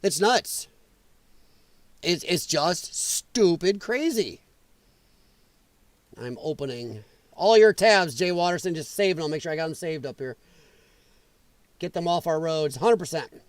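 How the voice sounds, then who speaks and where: A man's voice: fairly high pitch, animated, unhurried, pauses often, no room sound. A man hosting a podcast, ranting about the news in a blunt, angry, profane way. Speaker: podcast host.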